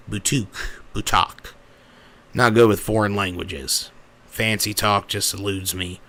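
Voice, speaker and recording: Man playing a young male pegasus, uneducated and big-hearted, rambling, self-correcting, gravelly, tense, in-character storytelling. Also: on the low side, bright, forceful tone, exaggerated voice. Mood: flustered.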